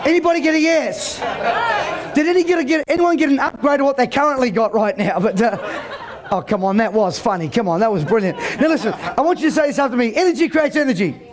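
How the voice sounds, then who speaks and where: A man, working a seminar crowd with brash jokes and quick commands. He restarts his sentences often and keeps calling on the audience to answer back. A faint murmur of the crowd sits behind him. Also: very high voice. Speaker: motivational speaker. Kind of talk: live seminar address to a crowd. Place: event hall with live audience.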